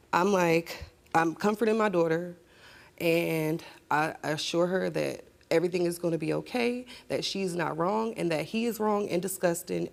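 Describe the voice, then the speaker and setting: A woman's voice: on the low side, creaky. A young adult woman on a talk show, recounting a painful family story in a blunt, heated way. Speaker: guest. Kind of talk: emotional talk show testimony.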